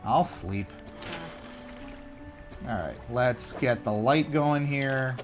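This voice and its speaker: Over music, a man with a mid-range voice draws out his words while streaming a video game. He chats casually to himself in animated, jokey fashion, mocking his own mistakes as he gives live commentary.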